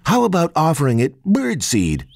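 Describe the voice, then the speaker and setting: A bouncy, fun-loving otter, played by a man, pitched up, loud and eager, tumbling out questions quickly. The voice leaps all over with a gravelly edge. Soft music runs under this storybook reading. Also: wildly swooping pitch, no echo, heavily acted. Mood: excited.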